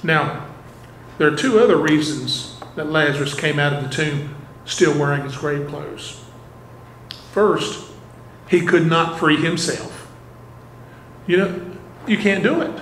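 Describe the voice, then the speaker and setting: A man's voice: on the high side, takes it slowly, long pauses, fairly bright tone, slight background noise. Earnest male pastor preaching in echoey church. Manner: asks the congregation rhetorical questions, earnest. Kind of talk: sermon. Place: church sanctuary. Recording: echoey church room, faint ambience.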